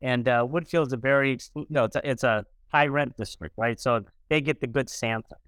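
A man's voice: medium pitch, brisk, a bit bright, clean tone, dry recording, studio quality. A middle-aged man, a podcast guest, telling a personal story in an earnest, conversational way and acting out the dialogue.

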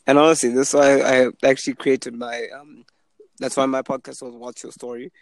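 Gravelly-voiced young man telling stories. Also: level tone, brisk, no room sound, poor audio. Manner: storytelling, acts out the people he quotes in a higher voice. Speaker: podcast host. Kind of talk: casual chat.

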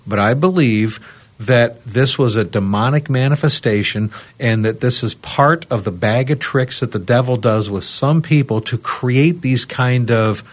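A man from the United States, a regular on a podcast panel, earnestly telling a personal story in casual chat and often turning to his listeners. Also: mid-range voice. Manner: earnest, addresses listeners as "guys", checks in with "okay?". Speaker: roundtable panelist.

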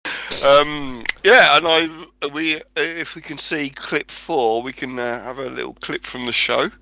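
A man's voice: fairly high pitch, fairly even intonation, measured pace, gravelly, bright, forceful tone, no echo, poor audio. A man co-hosting a casual chat over TV clips, making wry, joking asides. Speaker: co-host.

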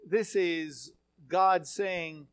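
A Bible teacher giving a sermon-style talk, animated and emphatic, with frequent fillers and restarts, reading scripture aloud with dramatic feeling. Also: medium pitch, extremely slow, clear, resonant tone.

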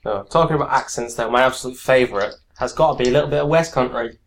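A man from Manchester with a Mancunian accent, co-hosting a casual podcast. He enunciates clearly. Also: medium pitch, fast, slight background noise. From Manchester, England. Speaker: podcast co-host. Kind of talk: casual chat.

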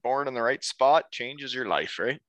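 A man's voice: medium pitch, lively intonation, normal speed, fairly bright tone, no room sound. A man hosting a podcast in casual chat, easygoing, laughing often and tagging points with "right?". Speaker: podcast host.

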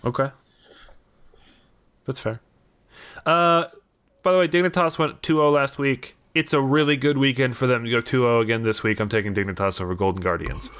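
A man co-hosting a casual esports podcast. He teases the others and moves the talk along from one topic to the next. His voice sits at an everyday middle pitch. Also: normal speed, pauses often, a bit bright, clear, resonant tone. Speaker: podcast co-host.

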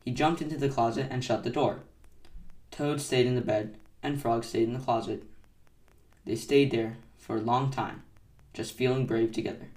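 A man gently reading a children's bedtime story aloud, recorded in an echoey room from a distance. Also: mid-range voice, steady tone, normal speed. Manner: gentle, soft-spoken narration. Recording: echoey room, mic set far off.

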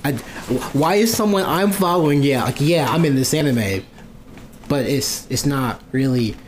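A man in casual podcast chat, an animated storyteller who acts out quoted exchanges and swears freely. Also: medium pitch, moderate pace, slight background noise.

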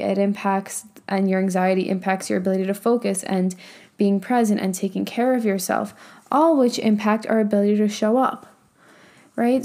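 Mellow-voiced, chatty young woman podcaster. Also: mid-range voice. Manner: chatty, heavy use of "like", swears casually. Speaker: podcast host and business coach. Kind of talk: casual motivational podcast talk.

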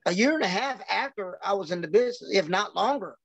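A man's voice: high voice, lively intonation, fast, fairly bright tone, slightly rough, dry recording, dull audio. A man, a professional wrestler, telling casual stories on a podcast, acting out quoted dialogue and swearing freely.

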